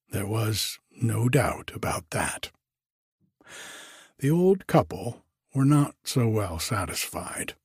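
A man reading a story aloud in a measured audiobook narration. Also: on the low side, a little mellow, no echo, studio quality. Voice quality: husky.

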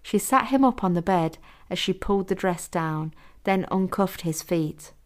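Woman author-narrator, lowish voice, steady audiobook read. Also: normal speed. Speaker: author reading her own story.

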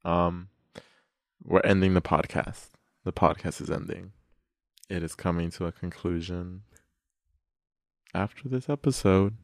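Young male podcast host, low-ish voice, dry close mic, expressive and rambling. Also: a little slow, vocal fry, pauses often, dry recording. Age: young adult. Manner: expressive, laughs often, rambling. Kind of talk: casual podcast chat.

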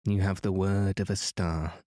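A man's voice: low voice, level tone, a little slow, mellow, dry recording, clean studio sound. Man reading as a stern, lofty teenage girl.

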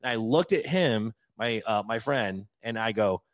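A young man co-hosting a podcast, telling a story in casual chat, animated and quick to laugh, swearing now and then. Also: fairly low pitch, dry recording. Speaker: podcast co-host.

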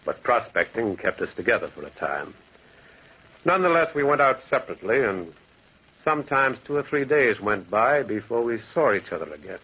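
A brooding, lonely narrator. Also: male voice, mid-range voice, sing-song, brisk, slightly rough. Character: lonely male loner who once prospected in the mountains. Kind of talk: 1940s radio acting. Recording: muffled old radio recording with faint hiss.

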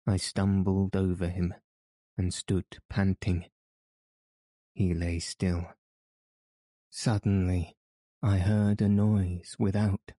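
Deep, slow male audiobook narrator. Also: warm tone, no echo. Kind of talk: scripted narration.

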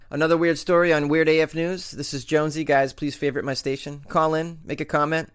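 A man's voice: a little high, little pitch movement, quick pace, few pauses, clean tone. A man hosting a comedic news podcast, reading odd stories in a joking, sarcastic way and laughing between lines.

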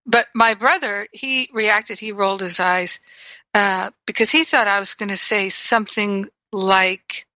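A woman's voice: mid-range voice, fairly even intonation, unhurried, pushed and bright, no room sound, rough recording. A woman teaching in a reflective spiritual talk, telling stories and acting out her own reactions. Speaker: spiritual teacher and radio host.

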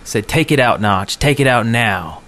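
A man's voice: mid-range voice, animated, a bit bright. A man on a casual podcast who keeps chiming in with short remarks and agreement. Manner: quick interjections, laughs, agreeing backchannel.

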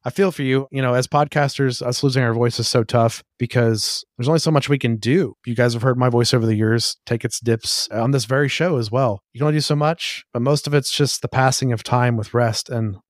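A man's voice: medium pitch, steady tone, no room sound, studio quality. A man hosting a podcast, chatting casually and eagerly. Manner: eager, rapid, enthusiastic talk. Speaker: podcast host.

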